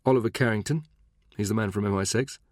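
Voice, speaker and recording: A man's voice: on the low side, fast, darkish tone, no echo, studio quality, lightly acted. A man voicing a prim, aloof young secretary woman with a posh English accent, in an audiobook. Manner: prim, clipped.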